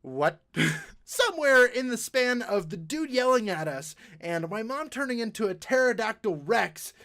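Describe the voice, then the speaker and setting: A young man tells a childhood story in a lively, bright, fairly high voice. His pitch jumps around a lot, and he laughs often as he goes. It is a casual storytime vlog. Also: unhurried. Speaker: vlogger.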